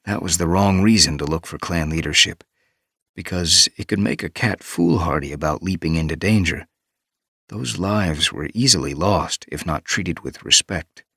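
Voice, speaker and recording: A man reading an audiobook as narrator, steady and measured. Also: sits low, vocal fry, breathy edge, no room sound. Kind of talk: scripted narration. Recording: dry studio booth.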